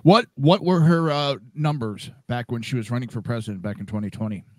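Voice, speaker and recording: A man's voice: mid-range voice, fairly quick, dry recording, clean studio sound. A man on a political panel, asking pointed questions and making blunt remarks.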